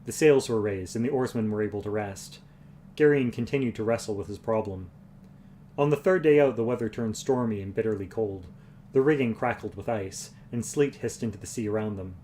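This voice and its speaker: A man reading a fantasy novel aloud on a livestream, even and unhurried, with the occasional restart. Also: lowish voice, slight background noise. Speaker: reader. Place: home livestream.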